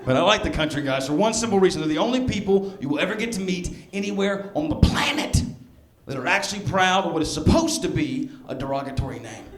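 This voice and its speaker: A man from near Birmingham, Alabama, with a mild Southern accent, doing a stand-up set in a sardonic, storytelling way with quick asides to the crowd. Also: sits high, animated, a bit bright. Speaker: stand-up comedian. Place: comedy club stage. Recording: echoey club room with crowd laughter. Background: audience laughter.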